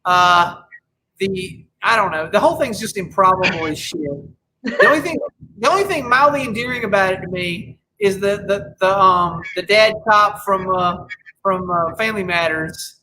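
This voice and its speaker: Opinionated man with a bright voice. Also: sits high, lively intonation, moderate pace, a little hiss or hum, poor audio. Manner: opinionated, rambling with frequent restarts and laughs. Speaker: podcast co-host. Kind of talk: casual chat.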